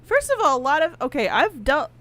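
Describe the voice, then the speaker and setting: A woman co-hosting a casual game stream, talking in an animated, rambling, opinionated way. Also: high voice, a little fast. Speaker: podcast co-host playing a game. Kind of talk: casual let's-play chat.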